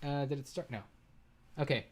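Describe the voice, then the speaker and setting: A man's voice: mid-range voice, steady tone, normal speed, a little mellow. A man streaming and reacting to a debate clip, arguing back in a profane, exasperated way and laughing at times. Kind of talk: heated livestream commentary.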